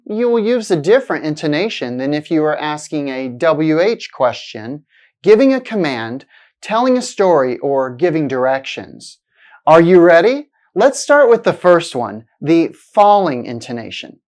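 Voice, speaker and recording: Low-voiced woman teaching pronunciation. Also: darkish tone. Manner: clear, deliberate, exaggerated intonation in examples. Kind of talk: scripted lesson narration.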